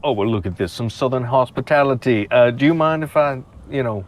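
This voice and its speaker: A man's voice: mid-range voice, fairly quick. A man chatting eagerly as a tabletop game player. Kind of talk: casual game talk.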